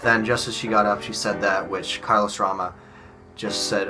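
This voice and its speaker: A man's voice: on the low side, fairly even intonation, normal speed, over music. Chatty man explaining a tennis match. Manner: chatty, explains step by step, often says "like". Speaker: video host reacting to a match. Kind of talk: casual commentary.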